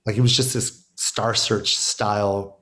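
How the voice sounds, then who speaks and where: Lively man telling comedy stories. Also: lowish voice, a little slow. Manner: excited storyteller, acts out quotes, laughs often. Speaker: guest, stand-up comedian. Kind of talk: animated storytelling in casual chat.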